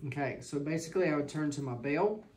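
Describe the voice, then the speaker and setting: A woman's voice: low-pitched, quick pace, a little mellow, a little hiss or hum. Woman teaching an exam hands-on. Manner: explains while demonstrating, checks in with the class. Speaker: clinical instructor.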